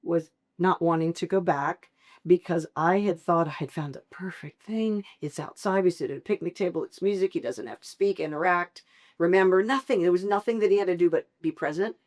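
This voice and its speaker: Middle-aged woman guest, lower voice, emotional storytelling that acts out what others said. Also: fairly quick. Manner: expressive, laughs often, acts out quoted dialogue. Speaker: podcast guest.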